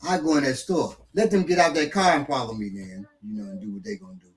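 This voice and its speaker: A blunt man who teaches martial arts, talking casually on a live stream. He speaks in a streetwise way, swears now and then and uses a lot of fillers. His voice sits at an ordinary middle pitch for a man. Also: quick pace, background noise.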